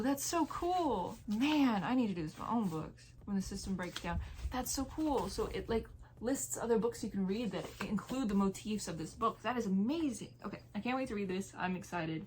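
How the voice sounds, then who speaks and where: A woman's voice: mid-range voice, low-quality recording. Woman booktuber, casual, enthusiastic, reading aloud. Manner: enthusiastic, chatty. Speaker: book vlogger.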